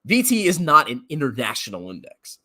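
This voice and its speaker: A man's voice: on the high side, wildly swooping pitch, fairly quick, bright, forceful tone. A man ranting as a finance commentator on a livestream, mocking and laughing often while answering chat questions.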